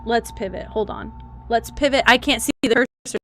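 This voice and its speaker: A woman's voice: on the high side, moderate pace, slight background noise. A woman game streamer chatting casually with viewers, exasperated, swearing and laughing at her own troubles. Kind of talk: casual live-stream chat.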